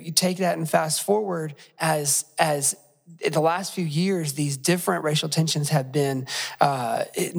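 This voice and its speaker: Gravelly podcast host in an echoey room. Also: medium pitch. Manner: conversational, many fillers, retells stories. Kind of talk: reflective interview wrap-up.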